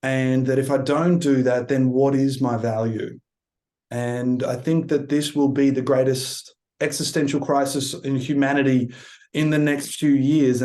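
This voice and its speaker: A man, a coach speaking as a podcast guest, thoughtful and unhurried as he tells stories. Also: medium pitch, warm tone. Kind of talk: reflective podcast conversation.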